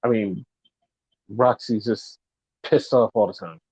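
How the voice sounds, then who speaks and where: A man's voice: on the low side, steady tone, takes it slowly, a little mellow, husky, no room sound. A man co-hosting a podcast, casually recapping wrestling shows and ranting with swearing when annoyed. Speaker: podcast co-host. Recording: dull lo-fi dry recording.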